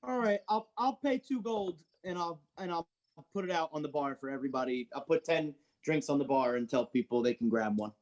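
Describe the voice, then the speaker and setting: A man's voice: fairly high pitch, animated, brisk, a little mellow, highs cut off. A man playing a tabletop game, playful and hesitant, sometimes speaking as his character. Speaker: player.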